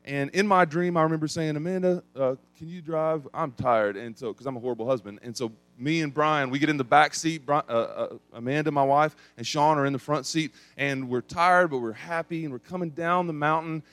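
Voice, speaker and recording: East Tennessee preacher telling a story. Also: male voice, fairly quick, few pauses, smooth, no echo. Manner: storytelling with lively swings in volume and pitch. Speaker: pastor. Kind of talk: sermon.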